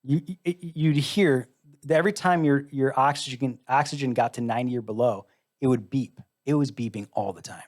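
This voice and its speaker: A man's voice: mid-range voice, brisk. A middle-aged American man tells a personal story in a live interview. He speaks in a mid-range voice, candid and earnest with a dry wry humor, and slips into the voices of the people he quotes. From United States. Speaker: interview guest, musician.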